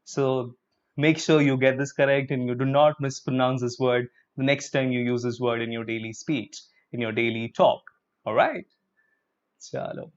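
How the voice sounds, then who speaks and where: A man's voice: medium pitch, fairly even intonation, normal speed, clean tone. A man with an Indian English accent teaching a live English pronunciation lesson. He breaks words into syllables, has the class repeat each word with him, and slips in Hindi words like "chalo.". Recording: dull lo-fi sound.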